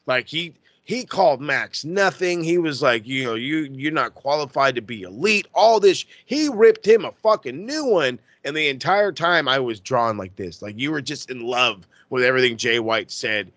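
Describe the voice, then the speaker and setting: A man co-hosting a podcast in casual chat, excitable, profane and gushing. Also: mid-range voice, normal speed, hardly any pauses, no room sound. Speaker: podcast co-host.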